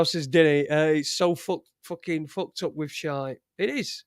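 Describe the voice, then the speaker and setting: A man's voice: fairly high pitch, no room sound, studio quality. Sweary rambling man. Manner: profane, rambling, halting with many restarts. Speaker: live show host. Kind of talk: casual live-stream rant.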